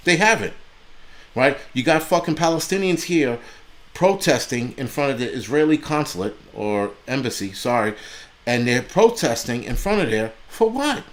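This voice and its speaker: A man hosting a livestream, ranting angrily and bluntly with heavy profanity and mocking asides. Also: on the high side. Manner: angry, blunt and heavily profane, mocking voices in quotes. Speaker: livestream host. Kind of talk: profane political rant on a livestream.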